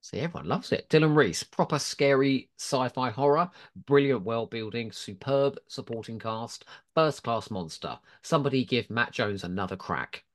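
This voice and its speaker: A man's voice: medium pitch, animated, moderate pace. A man co-hosting a podcast, chatting casually, reading listener reviews aloud and laughing often. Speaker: podcast co-host.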